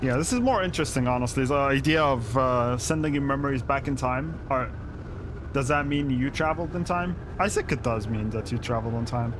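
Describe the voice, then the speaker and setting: A man's voice: medium pitch, a little fast, background noise. A man commenting live on a stream, reacting to clips with amused exasperation and stammered restarts.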